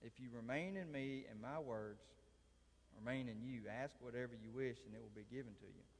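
Male lay preacher, folksy sermon storyteller with dry humor, mid pitch, long hall reverb. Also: a little fast, vocal fry, breathy edge.

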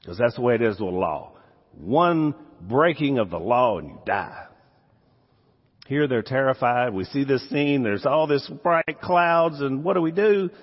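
A man with a Southern US accent delivers a sermon in a lively, sweeping voice that rises for emphasis and drops to quiet asides. His tone is a touch husky. The sound is dull, with a long reverb trailing through a big hall. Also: mid-range voice, a little slow. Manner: animated, swings from loud emphasis to quiet asides. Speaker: pastor.

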